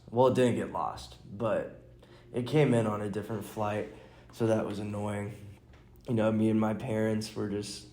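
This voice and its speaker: A man in a relaxed solo podcast chat. He talks slowly, wanders from thought to thought, and breaks off sentences with small chuckles. His fairly low, mellow voice rings in a roomy, echoing space. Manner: rambling, restarts sentences, chuckles. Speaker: podcast host and stand-up comic. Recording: roomy echo.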